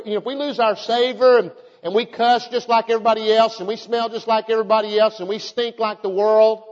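A man preaching a fervent sermon, often calling out to his congregation and repeating his points. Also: sits high. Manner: fervent, repetitive, calls out to the congregation. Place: church. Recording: dull audio with long church reverb.

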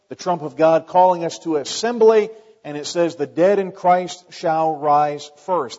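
A man's voice: fairly high pitch, a little mellow. A man preaching a sermon as a pastor, in a conversational way with wry asides. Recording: long hall reverb, dull lo-fi sound.

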